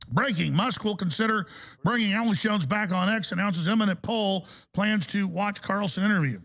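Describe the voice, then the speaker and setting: A male talk radio host delivering a heated, ranting monologue in a gravelly voice. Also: high-pitched, normal speed, fairly bright tone.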